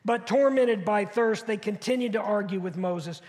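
A man's voice: sits high, moderate pace, hardly any pauses, a little mellow. A man in his fifties, a longtime pastor, preaching a sermon in a conversational way with rhetorical questions and repetition. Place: church sanctuary. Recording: long hall reverb.

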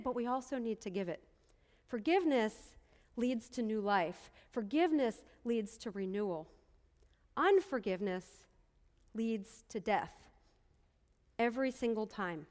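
A woman's voice: on the high side, a little mellow, in a large hall. A woman pastor preaching a sermon, telling a story earnestly and repeating phrases for emphasis.

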